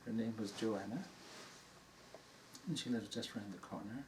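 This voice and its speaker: Here an older male dharma teacher recounts an anecdote warmly to listeners in a hall, amused by his own tale. His voice sits fairly low at a normal pace, captured from afar with a light hiss in the room.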